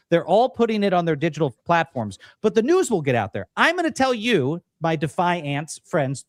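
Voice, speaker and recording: Man, livestream host, lively swooping pitch, slightly high voice, dry close sound. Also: dry recording. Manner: animated, mocking, rallying. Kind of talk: political commentary livestream.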